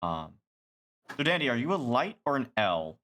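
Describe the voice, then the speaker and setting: A man chatting casually on a live stream, rambling and animated, swearing casually. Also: mid-range voice, moderate pace.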